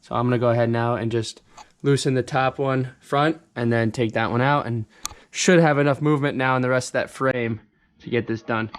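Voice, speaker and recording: A man's voice: medium pitch, steady tone, fairly quick, a little hiss or hum. A young man who runs a car repair channel, chatting casually and thinking aloud as he works under a car. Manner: talks while working, thinks aloud. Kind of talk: casual hands-on explanation.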